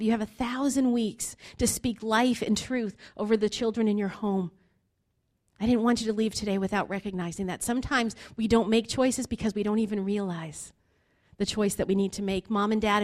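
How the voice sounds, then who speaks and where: A woman's voice: medium pitch, a little mellow. A woman in her forties preaching an earnest sermon, building to emphatic appeals. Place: church basement hall.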